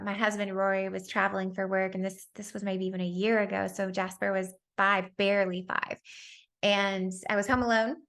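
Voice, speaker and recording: A woman's voice: medium pitch, a bit bright. A woman in her thirties sharing personal lessons about parenting in a candid, reflective talk, with frequent fillers and a habit of laughing at herself.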